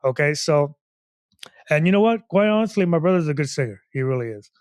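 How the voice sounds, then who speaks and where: Male podcast co-host, 40s, rambling comic storyteller; slightly high pitch, dry sound. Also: brisk, no room sound. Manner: rambling, animated, heavy on "you know what I mean". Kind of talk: casual comedic storytelling.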